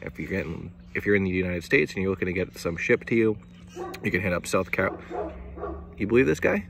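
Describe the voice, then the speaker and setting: A man's voice: low voice, quick pace, creaky. A man giving a casual, laid-back video review who repeats words and swears offhandedly. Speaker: cigar reviewer.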